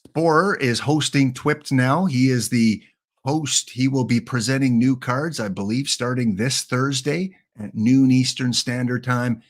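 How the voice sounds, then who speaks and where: A medium-pitched Canadian man in his fifties talks at a measured pace during a casual game stream. He rambles, cracks jokes, and speaks right to his chat.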